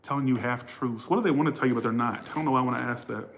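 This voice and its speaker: A man's voice: medium pitch, very fast, a little hiss or hum. A man giving a casual tarot reading for all the signs, blunt and profane, often losing his place and rambling. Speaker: tarot reader.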